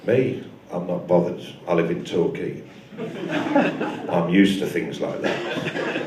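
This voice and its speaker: A man's voice: low voice, slow pace, background noise. A male stand-up comedian doing a live set, telling a rambling story with dry asides. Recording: echoey live room from far off.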